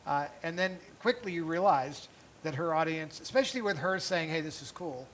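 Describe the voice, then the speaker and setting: A man co-hosts a casual interview, rambling along with plenty of filler words. His voice sits somewhat high for a man, with a faint hiss in the recording. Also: expressive, moderate pace, a bit bright, rough recording. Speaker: co-host.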